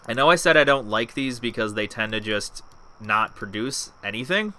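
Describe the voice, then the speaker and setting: A man's voice: mid-range voice, animated, moderate pace, sharp tone, slight background noise. A man giving casual gameplay commentary as a let's play host, chatting to himself, talking back at the game and swearing freely.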